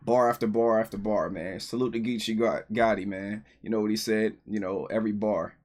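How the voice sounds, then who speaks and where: A man hosting a reaction video, talking casually and excitedly to his viewers with a lot of slang. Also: fairly low pitch, a little fast. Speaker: reaction channel host.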